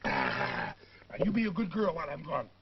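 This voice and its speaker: An actor playing a middle-aged, smooth-talking soldier, coaxing his sweetheart in a boozy, wheedling manner. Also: fairly high pitch, huge pitch swings, normal speed. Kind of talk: 1950s film acting. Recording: dull, noisy old film soundtrack.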